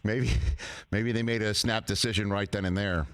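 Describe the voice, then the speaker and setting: A man hosting a sports talk show, asking playful, teasing questions with drawn-out setups. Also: on the low side, fairly even intonation, background noise.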